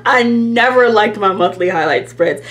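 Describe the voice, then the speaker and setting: A woman's voice: mid-range voice, moderate pace, fairly bright tone. A woman chatting casually to camera as a planner vlogger, rambling and self-deprecating, with lots of fillers.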